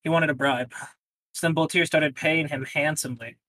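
A man casually recapping a tabletop game session, rambling and slipping into quick quoted lines. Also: on the high side, fairly even intonation, pushed and bright, dry recording, low-quality recording.

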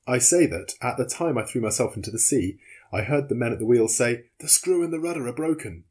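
A man with a husky voice voicing a calm, loyal young male servant who speaks politely and formally in a storybook reading. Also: mid-range voice, brisk, pitched above the performer's own voice. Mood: composed.

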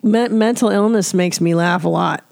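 Gravelly-voiced woman on a podcast, dry close mic, quizzing her partner half teasing. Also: fairly low pitch, moderate pace, a little mellow, no echo. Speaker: podcast co-host. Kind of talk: casual chat.

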